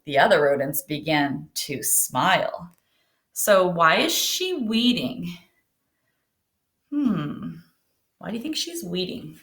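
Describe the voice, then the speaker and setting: A woman teacher reading a picture book aloud to her students, gently asking them questions along the way. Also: lowish voice, expressive, slow, long pauses. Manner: gentle, asks children questions. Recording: roomy echo.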